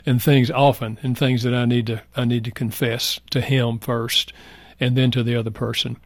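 Un homme âgé, invité d'une émission, raconte avec sincérité et douceur une histoire personnelle. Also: male voice, mid-range voice, flat delivery, normal speed, no room sound. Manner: earnest, soft-spoken, reflective. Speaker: guest. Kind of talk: heartfelt personal storytelling.

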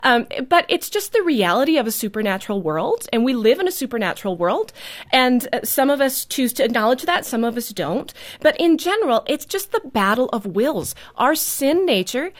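A woman telling a story from her life as a mother in a radio interview, earnest and animated, laughing often. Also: on the high side, normal speed.

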